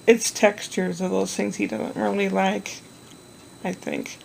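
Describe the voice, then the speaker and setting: A woman's voice: medium pitch, flat delivery, measured pace, vocal fry, a little hiss or hum, rough recording. A woman chatting in a rambling, meandering way about her day looking after a toddler. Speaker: vlogger caring for a toddler. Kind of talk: rambling casual chat.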